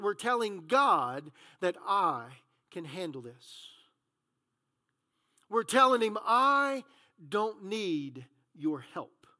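A pastor preaching with a very high voice. His tone is bright and forceful, and he moves from hushed lines to loud, emphatic ones. His talk is scattered with "uh, you know" fillers. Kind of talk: sermon.

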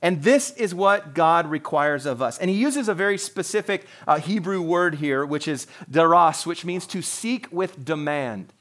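A man's voice: fairly high pitch, measured pace, hardly any pauses, a bit bright. A man in his forties, a pastor, preaching a sermon in an earnest, conversational way with frequent restarts.

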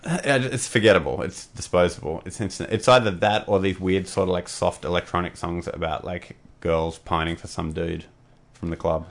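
A man's voice: low-pitched, fairly even intonation, normal speed. A man co-hosting a podcast, chatting in a rambling, profane, laid-back way. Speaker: podcast co-host. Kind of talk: casual chat.

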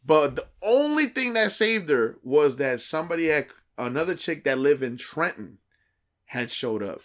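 A man's voice: fairly high pitch, normal speed. Slangy man telling a dating story. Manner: animated, acts out quoted dialogue; profane, slangy street talk. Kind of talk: casual podcast storytelling.

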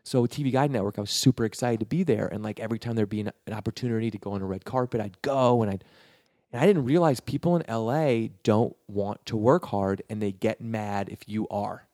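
A man from New York tells his story in a loose, rambling way, restarting his sentences and acting out what people said. His voice sits fairly low. It is recorded close and dry, with no room sound. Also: brisk, dark tone, no room sound. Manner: rambling, with many restarts, and acts out the quotes. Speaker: guest telling his career story. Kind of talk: casual storytelling.

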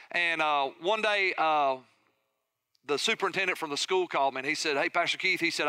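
A middle-aged man, a pastor preaching a sermon with energetic storytelling and questions to his congregation. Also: fairly high pitch, clean tone, no room sound.

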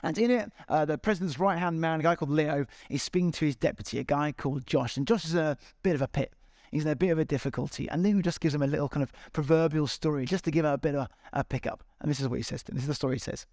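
A man's voice: a little high, racing, darkish tone, no echo, studio quality. A man preaching a sermon to a large congregation, earnest and encouraging, with repeated appeals. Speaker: pastor. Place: large church hall.

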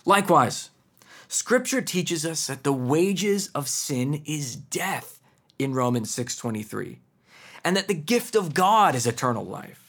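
A man's voice: a little high, very animated, unhurried, a bit bright. A man preaching a sermon, earnest and emphatic, with pointed rhetorical questions.

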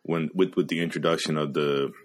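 A man co-hosting a casual podcast about a short story, hoarse from a cold, talking in a relaxed, hesitant way with frequent ums. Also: very deep voice, a little fast. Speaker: podcast co-host. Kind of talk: casual book discussion.

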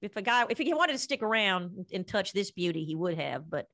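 A woman comic trading crude, playful banter in a casual podcast chat. Her voice sits at an ordinary pitch for a woman. The sound is close and dry. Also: big pitch swings, a little fast, fairly bright tone, dry recording. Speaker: comedian and guest.

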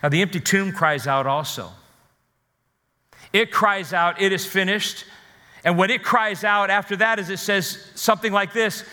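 A man preaching a sermon as pastor, rising and falling with emphasis and dramatic pauses. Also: sits high, bright, forceful tone, big-room sound.

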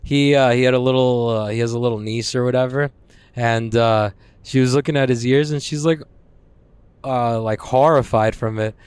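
A man's voice: mid-range voice, fairly even intonation, normal speed, a little mellow, smooth, dry recording. A young man ranting casually to the camera, agitated and profane, rambling about his own troubles. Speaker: vlogger.

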